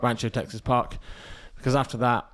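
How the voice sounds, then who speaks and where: A man's voice: mid-range voice, fairly even intonation, fairly quick, fairly bright tone. A young man co-hosting a podcast, telling a rambling family story with acted-out quotes. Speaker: podcast co-host. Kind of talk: casual storytelling chat.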